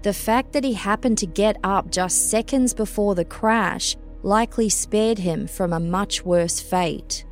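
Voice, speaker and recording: A woman narrates a scripted true-crime account at a middling pitch. Her delivery is measured and even. Soft music sits quietly underneath. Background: faint music.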